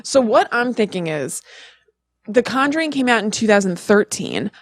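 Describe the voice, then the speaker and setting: A woman co-hosting a casual podcast, chatty and quick to laugh at herself, with a light New York tinge to her accent. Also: mid-range voice, big pitch swings, no room sound, studio quality. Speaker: podcast co-host.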